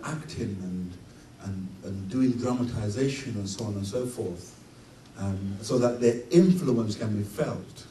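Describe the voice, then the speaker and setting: A middle-aged man giving an emphatic sermon at a conference, his voice swelling to loud peaks. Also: on the low side. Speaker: conference speaker. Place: conference hall. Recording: roomy hall, distant mic, faint noise.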